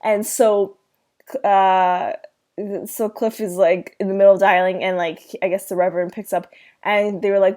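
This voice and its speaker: A woman's voice: mid-range voice, flat delivery, moderate pace, darkish tone. A woman hosting a podcast, recapping a sitcom episode in a chatty way with many fillers and laughs. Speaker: podcast host.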